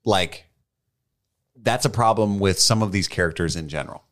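Very deep-voiced man chatting casually. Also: normal speed. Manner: wry, chatty, self-deprecating. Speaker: podcast co-host. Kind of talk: casual chat.

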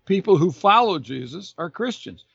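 A man's voice: high-pitched, sing-song, normal speed, creaky, breathy edge, no echo, lo-fi sound. A man answering a listener's question as an author and Bible teacher, talking earnestly and with emphasis, often restarting and repeating phrases. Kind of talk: thoughtful unscripted explanation.

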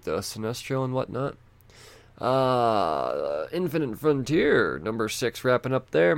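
A man with a gravelly, creaky voice chats loosely about new releases. He rambles, swears casually and thinks aloud. The sound is close and dry, with no room around it. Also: mid-range voice, no room sound. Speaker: comic book vlogger. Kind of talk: casual chat.

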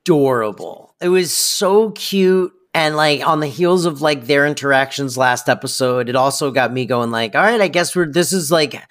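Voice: mid-range voice, animated, moderate pace, few pauses. A podcast co-host in casual chat, enthusiastically praising scenes and repeating words while gushing.

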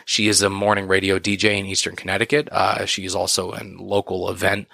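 A man's voice: low voice, level tone, a little fast, creaky, pushed and bright, dry recording. A man hosting a podcast, talking in a casual, exasperated rant full of swearing and fillers. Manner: profane, exasperated, filler-heavy. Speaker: podcast host. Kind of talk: casual ranting monologue.

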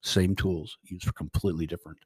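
A man's voice: sits low, little pitch movement, brisk, slightly rough, no room sound, studio quality. A middle-aged man telling a personal story as a podcast guest, rambling with restarts and quoted dialogue. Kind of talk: casual storytelling.

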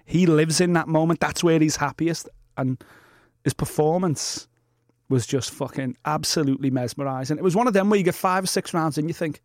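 Emphatic podcast co-host. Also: male voice, on the high side, no room sound, clean studio sound. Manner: emphatic, swears, quick affirmations. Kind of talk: casual chat.

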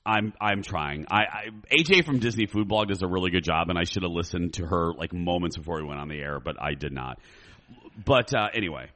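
A man with a low voice chats in a relaxed, easygoing way. He agrees readily and often restarts his sentences. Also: fairly quick. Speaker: podcast co-host. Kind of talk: casual chat.

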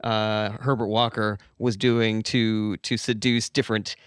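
A man from the United States hosting a comedy podcast, asking deadpan interview questions. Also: on the low side, unhurried, smooth, no room sound, studio quality. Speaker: podcast host.

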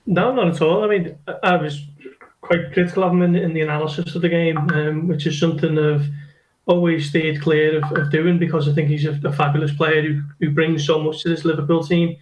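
Man, football pundit, slightly high voice, monotone delivery, analytical, lots of ums. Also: fairly quick, rough recording. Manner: analytical, many restarts and ums. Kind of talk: casual podcast chat.

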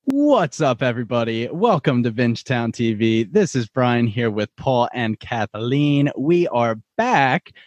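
Upbeat male podcast host steering casual banter, average pitch, dry mic. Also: big pitch swings, measured pace, few pauses, no echo, lo-fi sound. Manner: upbeat, joking, steers the talk.

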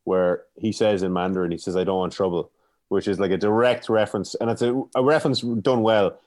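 A man with a lowish voice talks quickly and eagerly about films, checking in with "you know what I mean" and laughing easily. He sounds keen and keeps the chat moving. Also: steady tone, darkish tone. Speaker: podcast co-host reviewing films. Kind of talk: casual chat.

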